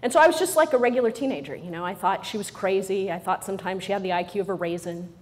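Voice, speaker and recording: A middle-aged woman speaking to a live audience in a humorous motivational talk. She sounds playful and teasing, drops quick jokes, and keeps asking "right?" to pull the crowd along. Her pitch sits in an ordinary middle range. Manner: playful and joking, with frequent "right?" asides to the audience.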